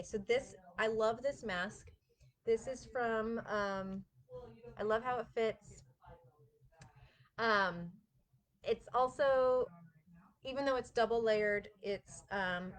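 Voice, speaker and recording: A woman's voice: on the high side, a bit bright. Chatty woman hosting a knitting live chat. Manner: chatty, enthusiastic, laughs often. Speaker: knitting shop host. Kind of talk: casual live-stream chat.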